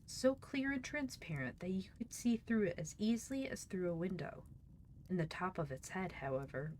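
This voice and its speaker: Streaming storyteller, woman, low voice, chatty asides, faint hiss behind. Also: darkish tone. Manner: giggly, chatty asides to viewers. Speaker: streamer reading a book aloud. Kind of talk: live storybook reading with chat asides.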